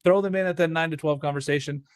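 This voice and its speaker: Man, podcast co-host, casual sports talk, animated, fairly high voice, dry close sound. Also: fast talker, clear, resonant tone, dry recording. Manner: animated, laughs often, acts out quoted reactions. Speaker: co-host of a college baseball show.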